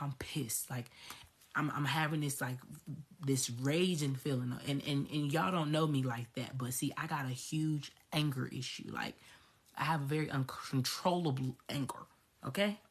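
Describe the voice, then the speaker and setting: Woman, low husky voice, blunt and profane, personal vlog storytelling. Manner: emphatic, profane, repeats herself. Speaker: spiritual coach.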